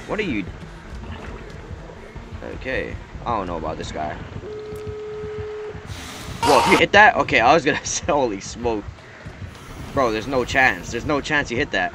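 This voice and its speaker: Guy yelling at a game, voice jumps all over, lots of noise behind him. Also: mid-range voice, measured pace, pauses often. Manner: animated, exclaiming and pleading at other players. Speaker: gaming YouTuber. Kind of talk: live gameplay commentary.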